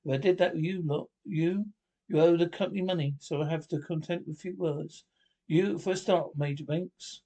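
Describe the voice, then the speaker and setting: A man reading the part of a gruff, irritable middle-aged ship captain who talks in curt, scolding bursts. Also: fairly high pitch, steady tone, normal speed, warm tone, low-quality recording.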